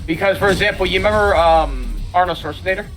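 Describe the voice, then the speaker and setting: A man chatting on a live stream, explaining things at length in quick bursts. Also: high-pitched, fairly bright tone, faint music behind. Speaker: guest streamer. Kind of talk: casual live-stream chat.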